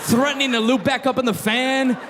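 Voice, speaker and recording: Man, stand-up comedy, playful self-mockery, very high voice, clear audience noise. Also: fairly even intonation, fairly quick, a bit bright. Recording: live club recording with crowd noise.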